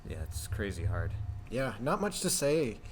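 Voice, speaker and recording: A man's voice: medium pitch, big pitch swings, a little slow, slight background noise. A man hosting a show, chatting casually and asking curious questions. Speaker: show host. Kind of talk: casual conversation.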